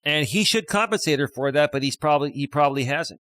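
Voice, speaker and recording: A man's voice: on the high side, animated, fast talker, fairly bright tone, dry recording, low-quality recording. Middle-aged male streamer-coach, casual and rambling, reads comments aloud; dry, close recording. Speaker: live stream host, life coach. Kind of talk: casual live stream chat reading comments.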